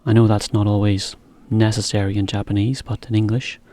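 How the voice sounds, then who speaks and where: A man giving a relaxed English lesson to Japanese learners, explaining with simple examples. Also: lowish voice, a little fast. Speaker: English teacher.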